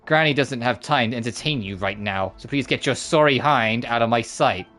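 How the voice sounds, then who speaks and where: A man voicing a sharp-tongued, scornful elderly woman who runs an inn in a game, with cutting, mocking lines. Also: mid-range voice, moderate pace, soft background music, natural voice. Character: sharp-tongued, scornful old granny innkeeper. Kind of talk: reading game dialogue aloud with voices.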